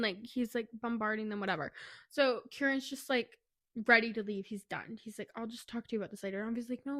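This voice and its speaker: A chatty woman with a slightly high voice recaps a book for her co-host. She rambles, drops "like" into nearly every phrase, and slips into quick snippets of the characters' dialogue. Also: a bit bright, dry recording, studio quality. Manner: rambling retelling full of "like", acting out quotes. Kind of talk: casual book recap chat.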